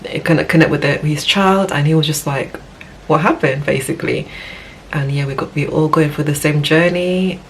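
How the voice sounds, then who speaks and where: A woman's voice: low-pitched, moderate pace, slight background noise, rough recording. A woman with a West African accent talking casually to camera as a parent vlogger, rambling and earnest, with many fillers and restarts.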